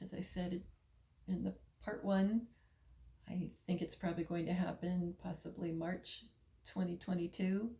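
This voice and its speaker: An older woman from the United States, talking slowly in a casual monologue, musing with pauses and fillers. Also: lowish voice, gravelly, mellow, poor audio. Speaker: vlogger.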